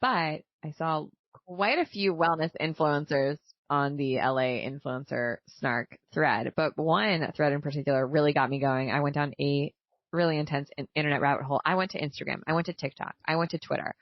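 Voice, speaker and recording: A woman's voice: deep voice, normal speed, no echo, muffled recording. A woman in her thirties co-hosting a podcast, chatty and playful in casual talk. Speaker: podcast co-host. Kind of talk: casual chat.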